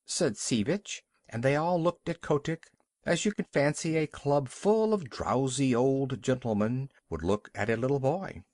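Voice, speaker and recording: A man's voice: mid-range voice, lively intonation, measured pace, a little mellow, dry recording, studio quality. A man narrating a classic animal story as an audiobook reader, telling it expressively. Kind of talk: scripted narration.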